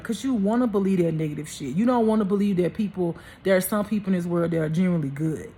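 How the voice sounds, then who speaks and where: A spiritual life coach vlogger addresses her audience head-on in an impassioned, sermonizing rant full of repetition. Her fairly low, warm voice moves fast with few pauses, and there's slight background noise.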